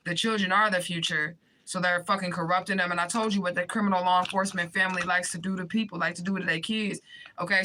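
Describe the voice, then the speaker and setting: Speaking directly to her viewers, this woman vlogger delivers an impassioned, pleading rant full of swearing and insistent repetition. Her voice is lowish with a sharp tone, captured on a rough recording.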